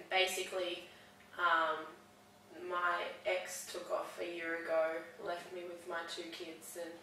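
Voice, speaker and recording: A woman speaks in a halting, hesitant way, restarting her sentences again and again as a counselling client. Her voice is bright with a gravelly edge. She sits well back from the mic in a very echoey room with a faint hiss behind her. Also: on the low side, completely flat delivery, far from the mic. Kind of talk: counselling session conversation.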